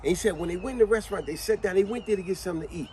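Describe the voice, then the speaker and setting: A man's voice: high voice, racing, mellow, a little hiss or hum. A man giving a motivational monologue, speaking in with an emphatic, conversational manner and frequent questions to the listener.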